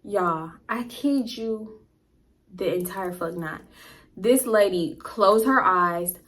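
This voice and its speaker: A woman vlogger recounts a story in casual storytime style. Her delivery is animated and slangy, with frequent swearing, and her voice sits at a mid-range pitch.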